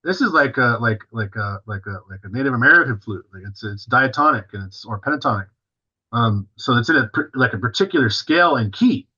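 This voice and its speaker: A man's voice: mid-range voice, animated, brisk, pushed and bright, husky, lo-fi sound. A male drummer, a guest on an interview, tells a story casually and animatedly, full of fillers and acting out what others said.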